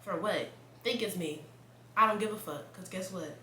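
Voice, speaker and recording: A young woman, chatting casually to camera in a blunt, profane and animated way, laughing often. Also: mid-range voice, normal speed, reverberant, a little hiss or hum. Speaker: vlogger.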